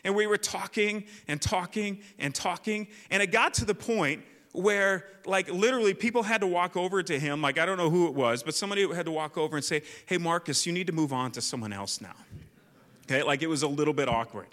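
A man, a youth pastor, telling a lively personal story in a sermon, with lots of likes and restarts. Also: high voice, fast talker, hardly any pauses. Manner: animated storyteller, many fillers. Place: church hall. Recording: long church reverb.

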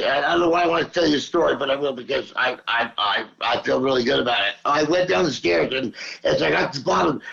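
A rambling, profane man with a gravelly, creaky voice sits a little higher than most men. He tells casual stories with chuckles, and the sound comes through a dull, lo-fi line. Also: a bit bright. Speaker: weekly guest caller.

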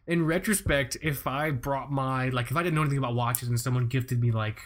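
Fairly quick and fairly bright in tone, a medium-pitched young podcast host chats casually. His story wanders and keeps starting over.

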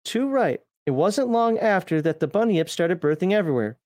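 A man's voice: high voice, very animated, very fast, mellow, no room sound, studio quality. A man reading a game book aloud in character, voicing a male outback survivor who tells the tale of the apocalypse. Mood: storytelling.

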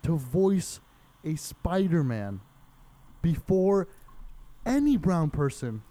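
A man's voice: on the high side, sing-song, slow pace, dark tone. A young man co-hosting a casual podcast, joking and swearing freely as he riffs on bits. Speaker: podcast co-host. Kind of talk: casual chat.

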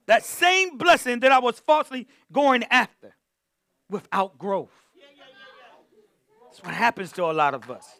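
A man's voice: extremely high pitch, a bit bright, dry recording. A man preaching a sermon to a church, repeating phrases and calling on the congregation to answer back. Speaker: pastor.

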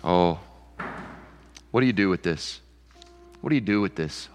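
A man's voice: low-pitched, lively intonation, a little slow, a little mellow, faint music behind. A man preaching a sermon as pastor, emphatic, repeating key phrases. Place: church sanctuary. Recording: church hall reverb.

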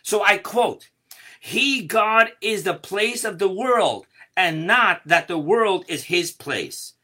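A man teaches a lesson on Jewish mysticism at a slow, measured pace. His voice sits a little high and sounds bright and forceful. He stresses key words as he builds each point. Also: lively intonation. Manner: slow, deliberate explaining with rising emphasis. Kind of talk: Kabbalah lesson.

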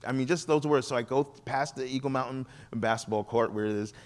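A man preaching as a guest, telling stories from the pulpit and acting out the voices of the people in them. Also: fairly quick. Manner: animated, acts out quoted people with shifting pitch. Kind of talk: sermon storytelling.

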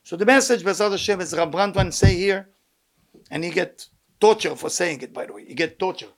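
A man's voice: sits high, fairly quick. A man preaching a weekly sermon to a live audience, emphatic and repetitive, with humorous asides. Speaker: preacher giving a weekly talk.

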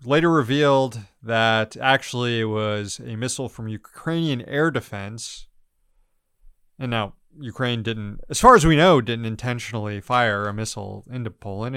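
Male podcast host, sarcastic news commentary, smooth clear voice, dry close sound. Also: medium pitch, normal speed, bright, forceful tone, no echo. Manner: sarcastic, blunt, swearing, laughs often.

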